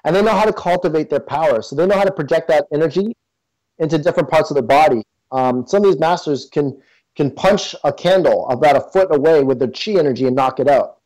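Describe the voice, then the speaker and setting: A man's voice: a little high, fast, a little mellow, rough recording. A man being interviewed as a guest, talking casually and earnestly, with many fillers and restarts. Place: in Toronto.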